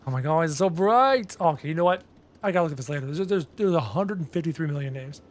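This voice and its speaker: A man's voice: fairly high pitch, animated, fast talker, slight background noise. A Canadian man streaming a game, chatting casually with viewers and muttering as he reads lists aloud, with faint music behind him. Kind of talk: casual live-stream chat.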